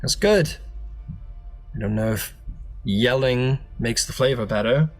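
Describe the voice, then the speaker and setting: A man's voice: mid-range voice, a little slow, faint music behind. A man running a tabletop game as game master, narrating in a loose, chatty way with laughs.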